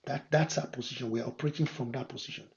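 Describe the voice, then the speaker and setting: A man preaching a sermon as pastor, moving from quiet scripture reading to loud, emphatic declarations. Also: medium pitch, fairly even intonation, very fast, a little hiss or hum. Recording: dull lo-fi sermon recording.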